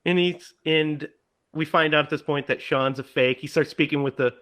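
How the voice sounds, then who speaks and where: Lively, fairly high-voiced man recapping a movie. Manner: animated, acts out lines in quick put-on voices. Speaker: podcast co-host. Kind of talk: casual chat retelling a film plot.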